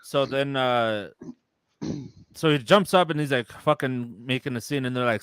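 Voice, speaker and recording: A young man talks into a close microphone in a dry, dead room, his voice smooth and even. He tells a long story casually, swearing freely and acting out the lines of the people in it. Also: medium pitch, measured pace, no echo. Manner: retells a story with quoted voices, loose and profane. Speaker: podcast co-host.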